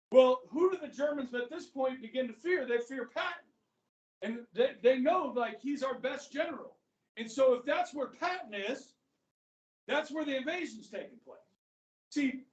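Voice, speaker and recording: Male history teacher, high voice, acts out quotes as he lectures; distant mic. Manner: animated storytelling, acts out quotes. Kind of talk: classroom lecture. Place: classroom. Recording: echoey classroom, mic far off.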